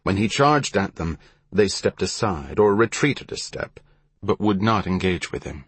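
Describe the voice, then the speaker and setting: A man reading a historical story aloud in measured, even scripted narration. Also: low voice, slightly rough, no room sound.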